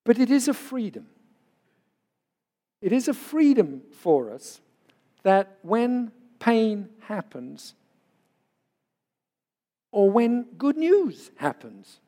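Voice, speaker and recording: A man's voice: sits high, very animated, slow pace, pauses often, dark tone, in a large hall. A man in his sixties, a pastor, giving an earnest, conversational sermon full of personal stories.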